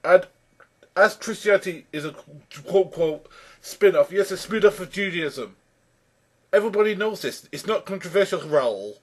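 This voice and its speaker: A high-pitched man with lively intonation and a moderate pace rebuts a video as a YouTube commentator. His exasperation shows as he frequently names his opponent and restarts sentences to build each point.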